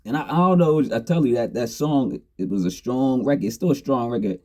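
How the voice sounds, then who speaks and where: A man's voice: mid-range voice, fairly quick, dark tone. A middle-aged man casually telling a story from his younger days, laid-back and slangy, laughing often. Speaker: storyteller host.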